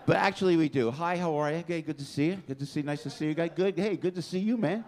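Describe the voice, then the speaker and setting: A man, hosting a live stand-up show and chatting loudly with the audience. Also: fairly high pitch, quick pace. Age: 60s. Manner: brash, loud, chatty with the audience. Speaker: comedy show host. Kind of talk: stand-up crowd work. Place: packed comedy club stage. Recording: live club with crowd noise.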